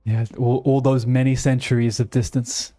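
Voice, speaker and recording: A man's voice: mid-range voice, little pitch movement, normal speed, warm tone. A young British man with a British accent, chatting casually with his live chat while playing a game, playful and easily sidetracked. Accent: British English. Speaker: streamer.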